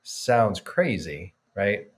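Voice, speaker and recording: A man's voice: lowish voice, very animated, extremely slow. A man guest on a podcast, earnestly reflecting on his work as a business coach, stressing key words and chuckling now and then. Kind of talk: casual podcast interview.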